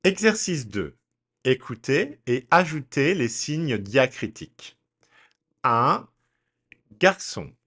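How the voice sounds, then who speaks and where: A man teaching French pronunciation, speaking deliberately and spelling words out letter by letter in a slow drill. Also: medium pitch, very animated, pushed and bright, husky.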